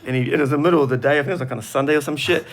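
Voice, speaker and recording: A man's voice: a little high, rapid-fire. A man co-hosting a podcast, making dry, wry remarks. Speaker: podcast co-host. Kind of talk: casual podcast chat.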